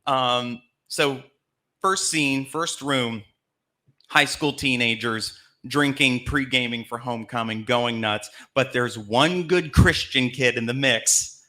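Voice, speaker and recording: A man's voice: mid-range voice, slow pace, bright, forceful tone. A man from Alabama hosting a live storytelling show on a theater stage, telling a comic story in a chatty way and laughing between lines. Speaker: host.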